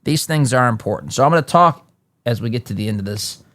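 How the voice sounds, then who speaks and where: A man's voice: animated, a bit bright, no room sound. Emphatic male talk-show host, dry sound. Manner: emphatic, reads news reports aloud with quick asides; frequent restarts and pitch jumps for emphasis. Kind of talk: political commentary monologue.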